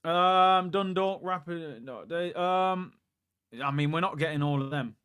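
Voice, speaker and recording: A young man hosts a live football watchalong. His voice sits fairly high, and he chats excitably, jumping between the match and viewer questions. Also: unhurried, clear, resonant tone. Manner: chatty and excitable, reacting to play and reading out viewer questions.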